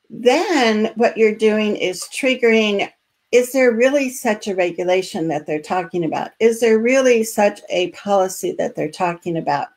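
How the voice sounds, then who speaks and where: A woman leads a live online training with a calm, encouraging delivery. She speaks unhurriedly, with frequent fillers, at a medium pitch. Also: measured pace. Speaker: host and special education advocacy trainer.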